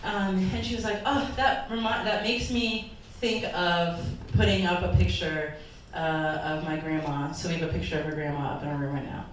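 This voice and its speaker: A woman's voice: on the low side, steady tone, normal speed, few pauses, slight background noise. A woman pastor giving an earnest, emotional sermon, her voice sometimes wavering as if near tears. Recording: echoey hall from far off.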